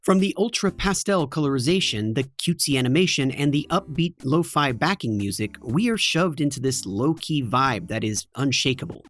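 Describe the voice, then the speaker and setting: A man's voice: mid-range voice, animated, normal speed, hardly any pauses, a bit bright. A man hosting a scripted video essay, narrating with wry, joking asides. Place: home basement in front of green screen.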